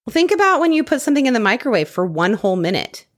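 Lively woman telling a true crime story. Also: fairly high pitch, racing. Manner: lively storytelling, reads case details aloud. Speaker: podcast co-host. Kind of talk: true crime podcast chat.

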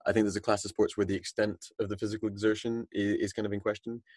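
Man, podcast co-host, lowish voice, chatty, thinks aloud, dry close sound. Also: little pitch movement, fast, a little mellow, husky, no echo. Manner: thinks aloud, many restarts and "like"s. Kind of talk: casual discussion.

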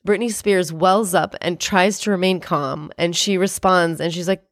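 A woman in a casual conversation who retells stories with emphasis, quoting what others said. Her voice sits a little low for a woman. It is recorded dry and close. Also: steady tone, normal speed, dry recording. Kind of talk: casual chat.

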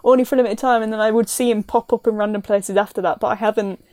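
A woman's voice: fairly high pitch, steady tone, fast talker, darkish tone, no echo. Young woman guest from England, level tone, dry recording. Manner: tells a story with small laughs. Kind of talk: casual chat.

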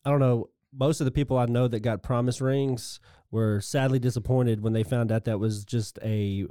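A man with a dark, mellow voice chatting casually on a podcast, joking along and floating offbeat theories. The sound is dry and close, with no room behind it. His pitch sits in the middle for a man. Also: steady tone, normal speed, clear, resonant tone, no echo. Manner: joking, chimes in with wild theories. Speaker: podcast co-host. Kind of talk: casual recap chat.

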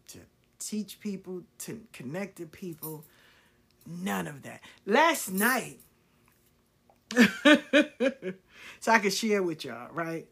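A woman's voice: fairly low pitch, a bit bright, husky. Woman telling life stories with laughs. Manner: laughs often, swears freely, preachy and encouraging; repeats herself for emphasis. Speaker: spiritual reader. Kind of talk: casual storytelling on a live video.

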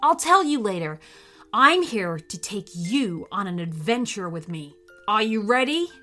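A woman voicing a friendly, reassuring male superhero speaking calmly to a young boy in a children's audio story. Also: medium pitch, measured pace, soft background music.

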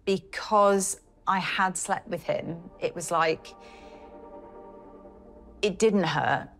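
A woman in a documentary interview, recounting her experience haltingly with many "like"s and "you know"s. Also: on the low side, creaky, fairly bright tone, faint music behind.

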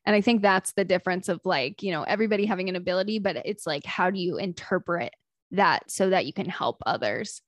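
A woman hosting a podcast, chatting casually and telling animated stories. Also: lowish voice, a little fast, no room sound. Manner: chatty, animated storytelling with laughs. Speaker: podcast host. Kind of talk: casual chat.

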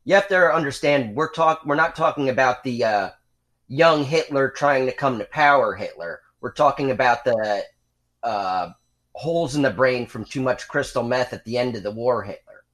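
A man's voice: medium pitch, normal speed, fairly bright tone. A man co-hosting a podcast, chatting casually in a dry, wry, matter-of-fact way. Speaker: podcast co-host.

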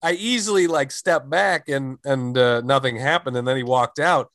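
A man's voice: mid-range voice, moderate pace, a bit bright, dry recording. A man who is a stand-up comedian, telling stories in casual chat and rambling with many fillers and restarts.

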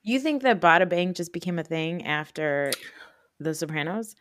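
A woman in her thirties with a New Jersey accent, hosting a podcast in animated, casual chat full of fillers and swearing. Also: fairly low pitch, moderate pace, dry recording, clean studio sound. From North Jersey, USA. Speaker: podcast host.

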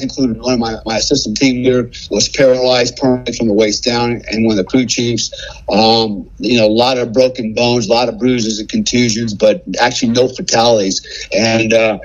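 A man's voice: medium pitch, lo-fi sound. A man telling a story as a podcast guest, laughing often and tossing in "man" and "right?". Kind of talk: casual storytelling.

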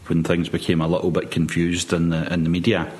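Deep, husky man musing slowly. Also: completely flat delivery, darkish tone. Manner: measured, rambling, many hesitations. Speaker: podcast guest pundit. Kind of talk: casual football chat.

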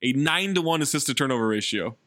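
A man co-hosting a sports podcast in casual chat, animated and getting loud when excited. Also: medium pitch, quick pace, dry recording, clean studio sound. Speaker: podcast co-host.

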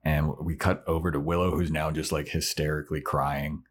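A man's voice: rumbling low, little pitch movement, a little fast, slightly rough. A man hosting a podcast, recapping a TV episode with loose, profane storytelling. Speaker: podcast host. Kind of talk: casual chat, recapping episodes.

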